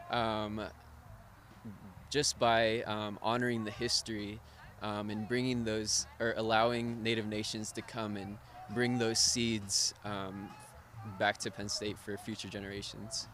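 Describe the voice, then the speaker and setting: A man speaking in an outdoor interview, halting with many pauses. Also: lowish voice, flat delivery, fairly bright tone, slight background noise. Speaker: student association founder. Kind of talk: interview soundbite.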